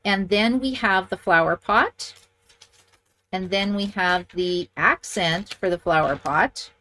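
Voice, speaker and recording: A woman's voice: medium pitch, slow, sharp tone, slight background noise. A middle-aged woman demonstrating card making, chatty and enthusiastic, thinking aloud as she works. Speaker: papercraft demonstrator. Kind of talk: casual crafting tutorial.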